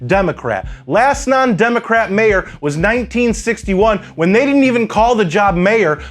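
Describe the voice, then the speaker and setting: A man from Chicago reads a scripted commentary in a high voice. His delivery is sarcastic and wry, with a dry bite on each punchline. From Chicago, USA. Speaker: political commentator.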